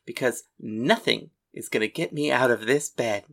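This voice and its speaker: A woman voicing a tough, loyal young woman known as the whiskey girl, speaking low and earnest with dry humor. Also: normal speed, creaky, exaggerated voice. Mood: wry affection.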